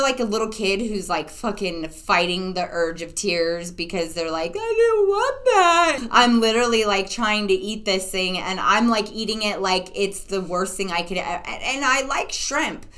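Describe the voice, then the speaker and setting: A woman's voice: mid-range voice, moderate pace, few pauses, pushed and bright. A young woman co-hosts a casual podcast chat. She tells her stories animatedly, laughs often and swears freely. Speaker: podcast co-host.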